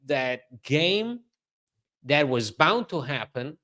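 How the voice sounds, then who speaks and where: A man's voice: fairly high pitch, big pitch swings, slow pace, bright, forceful tone. A man co-hosting a podcast, chatting casually in a wry way, laughing easily and using many fillers. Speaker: podcast co-host.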